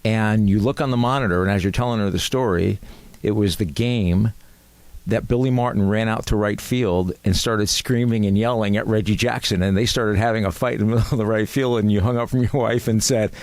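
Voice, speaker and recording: A man's voice: on the low side, steady tone, brisk, darkish tone, no room sound. A man hosting a casual interview, leading the guest with chatty questions and setting up his stories. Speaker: interview host.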